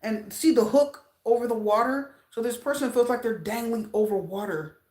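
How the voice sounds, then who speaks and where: Speaking at normal speed in a slightly high voice, a tarot reader gives a casual, animated reading in an echoey room. She addresses her viewers directly and says things twice to drive them home.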